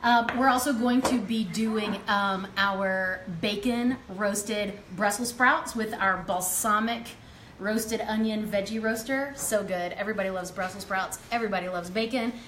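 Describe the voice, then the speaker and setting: A woman's voice: mid-range voice, unhurried, fairly bright tone, slight background noise. A young woman hosting a live cooking demonstration in a home kitchen, upbeat and chatty with frequent ums. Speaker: cooking demo host. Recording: roomy kitchen echo, faint ambience.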